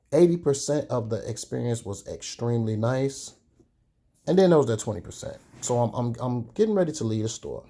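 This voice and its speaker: Young man, candid chatty storyteller, mellow warm tone, casual vlog. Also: mid-range voice. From Chicago. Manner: candid, chatty, drawn-out pauses. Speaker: sneaker vlogger.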